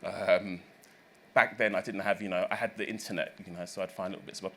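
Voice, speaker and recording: A man's voice: deep voice, steady tone, fairly quick, a bit bright. A man in his thirties, a recording engineer, telling stories in an interview, rambling with many fillers and self-corrections. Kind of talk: reflective interview storytelling.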